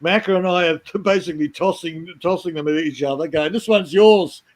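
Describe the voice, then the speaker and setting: A man in casual chat telling army stories in a halting way, with many restarts. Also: a little high, steady tone. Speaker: chat participant.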